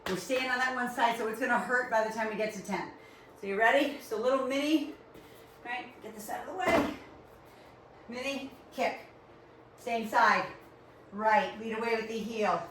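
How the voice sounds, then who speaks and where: A woman's voice: a little high, normal speed, pauses often, fairly bright tone, slight background noise. A woman with a Rhode Island accent coaching a live workout class, upbeat and encouraging as she counts reps. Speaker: fitness instructor. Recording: very echoey room, far from mic.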